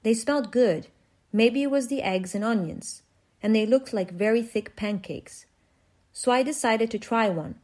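A woman reading a short story aloud in an even, measured way, with small restarts. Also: a little high. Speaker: reader.

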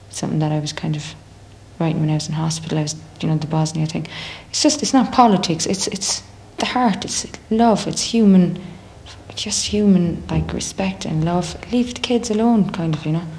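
A young Irish woman in a casual interview, a singer talking in a chatty, animated way and acting out other people's voices. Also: deep voice, slight background noise. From Ireland. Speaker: singer in a band.

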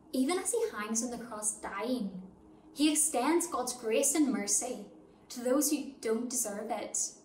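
A woman giving a dramatic monologue in a church service, with an indignant, questioning delivery. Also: fairly high pitch. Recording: echoey church room with faint noise.

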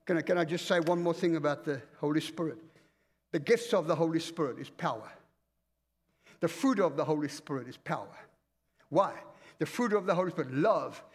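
Man, pastor, commanding fervent sermon, high voice, reverberant church hall. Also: fairly quick, pauses often, breathy edge. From Africa. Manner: fervent, commanding preaching that swings between loud and hushed. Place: church auditorium.

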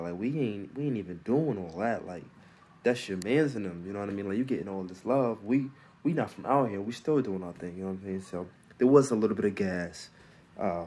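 A man hosting a casual solo recap, talking in loose slang with lots of restarts, fillers and quiet asides. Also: fairly low pitch, husky. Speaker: battle rap recap host.

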